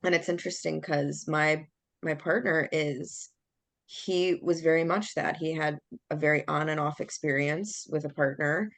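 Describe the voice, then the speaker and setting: A woman's voice: sits low, steady tone, moderate pace, dry recording. A young adult woman hosting a podcast, candidly telling a personal story in casual chat and acting out the quotes. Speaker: podcast host.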